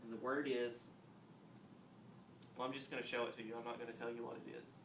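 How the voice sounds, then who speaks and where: A man teaching a phonics lesson on video, explaining step by step and clapping out words slowly. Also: mid-range voice, level tone, noisy background. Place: classroom. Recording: roomy echo, mic at a distance, faint ambience.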